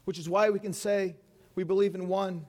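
A man's voice: high-pitched, fairly even intonation, moderate pace, darkish tone. A man preaching an Easter sermon as pastor, earnest, with rhetorical questions and light asides.

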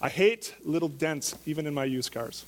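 A man's voice: fairly high pitch, normal speed, big-room sound. A man preaching a sermon as pastor, talking in a conversational way and asking the listeners question after question.

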